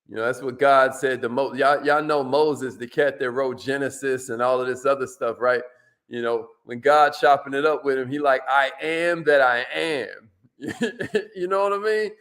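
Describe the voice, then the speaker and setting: A man hosting a live coaching stream. He is energetic and slangy, calls out viewers by name, and drops into low asides.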